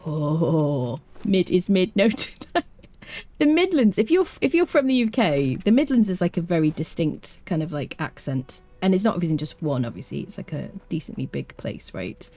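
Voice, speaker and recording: A young woman from the United Kingdom streams a game live, chatting with viewers in the chat as she gives commentary. Her voice is on the low side and mellow, with lively intonation and a moderate pace, over soft background music.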